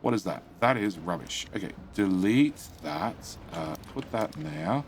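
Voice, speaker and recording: Over a slight hiss or hum, a deep-voiced man streams a building game live, speaking expressively and unhurriedly. He mutters through his build and reads out and greets his chat.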